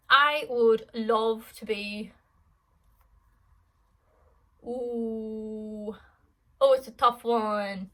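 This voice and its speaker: A woman's voice: a little high, fairly bright tone, poor audio. An Irish woman in her twenties answering fan questions in a casual vlog, rambling and chatty with lots of fillers. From Ireland.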